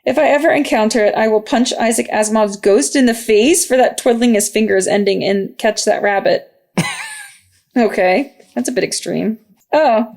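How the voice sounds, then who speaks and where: A woman's voice: on the high side, moderate pace, creaky, a little mellow. A woman in her thirties co-hosting a podcast, chatting casually, laughing often and reading book reviews aloud. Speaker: podcast co-host.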